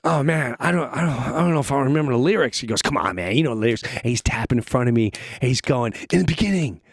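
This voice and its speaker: A middle-aged man, a comedian guest, telling an animated story in a casual studio chat and acting out the voices of the people in it. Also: mid-range voice, quick pace, gravelly, breathy edge, no room sound. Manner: acts out voices in his stories, lively and excitable.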